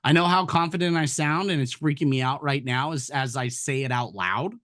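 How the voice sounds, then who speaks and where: A man co-hosting a casual sports betting podcast, joking loudly and swearing freely. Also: medium pitch, brisk, no echo, clean studio sound. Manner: loud, jokey, swears a lot. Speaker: podcast co-host.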